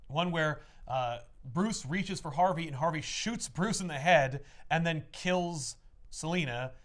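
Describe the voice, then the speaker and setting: A man's voice: on the high side, a little slow. A man co-hosting a podcast, retelling a comic plot in casual chat full of "like" asides. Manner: animated storytelling full of "like" asides.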